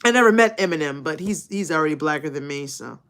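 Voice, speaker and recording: A woman's voice: sits low, quick pace. A woman live streaming who chats casually with her audience, swears freely and laughs often. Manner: laughs often, profane and animated.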